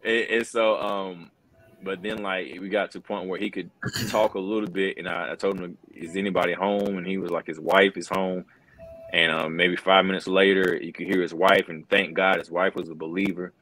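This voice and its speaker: A man's voice: sits low, flat delivery, fairly quick, bright, forceful tone, poor audio. A middle-aged man, a wrestling commentator, telling a story in an earnest, loose way, often saying "bro" and "man". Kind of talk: casual interview storytelling.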